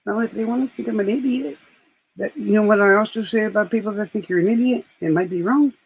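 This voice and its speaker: Male streamer, casual chat; rough, husky voice, rambling delivery. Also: high voice, fast talker, poor audio. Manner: rambling, profane storytelling.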